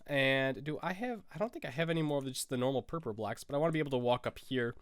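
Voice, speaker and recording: A Minecraft YouTuber, young, American and stuffed up with a cold, rambles and sniffles through casual gameplay commentary while correcting himself. He talks fast at a medium pitch with lively intonation and a clear, resonant tone, free of room sound.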